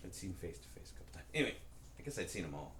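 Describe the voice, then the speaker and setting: A man co-hosting a podcast, telling a long, rambling story in a casual, profane, animated way. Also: deep voice, racing. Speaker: podcast co-host. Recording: roomy echo with faint background noise.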